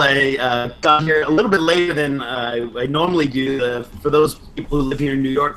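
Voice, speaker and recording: A man's voice: mid-range voice, fairly bright tone, slight background noise, poor audio. Enthusiastic man co-hosting a podcast. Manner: enthusiastic, teasing. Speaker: podcast co-host, martial arts teacher. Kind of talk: casual podcast chat.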